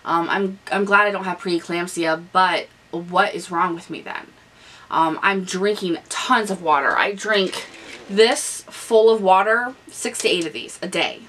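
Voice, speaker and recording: A woman's voice: fairly low pitch, a little slow, fairly bright tone, far from the mic, slight background noise, low-quality recording. Chatty young woman, a bit off-mic. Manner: candid, chatty, with frequent ums and restarts. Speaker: vlogger. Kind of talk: casual pregnancy update vlog. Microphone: camera on a stand nearby.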